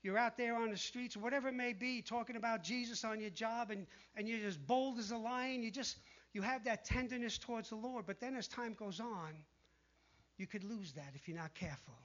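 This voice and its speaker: A man preaching a sermon in an animated way, dropping to a hush when he quotes the tempters. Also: extremely high pitch, fairly quick. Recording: dull lo-fi sound.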